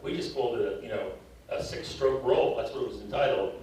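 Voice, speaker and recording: An older man leads a drum clinic, coaching players through drills and telling stories between them, a little out of breath. He is picked up from a distance in a big, very reverberant hall, with a soft room hum behind him. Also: medium pitch, fast talker. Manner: coaching, counting off and storytelling. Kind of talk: live drum clinic teaching. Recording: distant mic in echoey hall.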